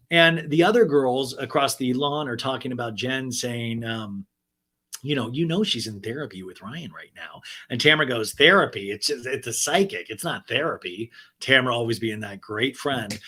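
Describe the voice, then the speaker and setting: A podcast host recaps a reality show in a snarky, casual, profane style, mimicking quoted people in mocking high voices. He sounds animated and sharp, talking at a normal speed.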